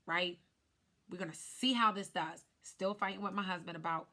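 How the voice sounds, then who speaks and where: A woman in her thirties, a life insurance agent, telling her story to camera in an animated way while glancing at cue cards. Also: medium pitch, fairly quick. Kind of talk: casual talk to camera.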